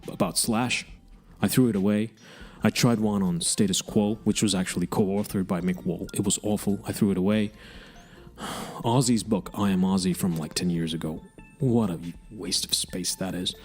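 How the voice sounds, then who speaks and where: A man's voice: on the low side, moderate pace, darkish tone, soft background music. A man hosting an online radio show, chatting casually and rambling between songs, frank and self-mocking and often restarting his sentences.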